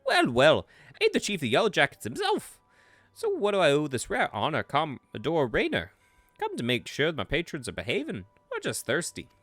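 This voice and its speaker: A man voicing a gruff, brash tavern keeper in a swashbuckling British rogue accent, reading game dialogue. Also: fairly high pitch, huge pitch swings, moderate pace, fairly bright tone, no echo, pitched above the performer's own voice, full character voice. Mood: boisterous.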